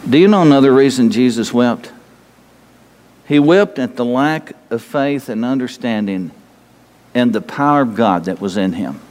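A man's voice: medium pitch, expressive, moderate pace, darkish tone, big-room sound. A man preaching a sermon, emphatic and rambling, pressing his listeners with repeated questions. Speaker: pastor.

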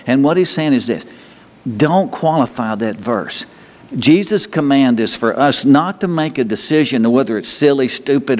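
A man preaching a sermon in a folksy, conversational way, often asking the congregation questions and mimicking people in a high, mocking voice. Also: big-room sound. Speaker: pastor.

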